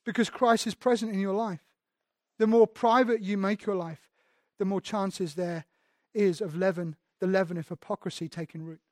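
A man's voice: high-pitched, fairly even intonation, normal speed, darkish tone, no echo, clean studio sound. A man preaching a sermon as pastor, candid and self-deprecating, often restarting his sentences.

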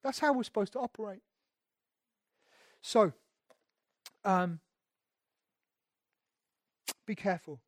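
A man's voice: high-pitched, lively intonation, slow pace, pauses often, no echo, studio quality. A man, a pastor, preaching a sermon conversationally and emphatically, often repeating words as he goes.

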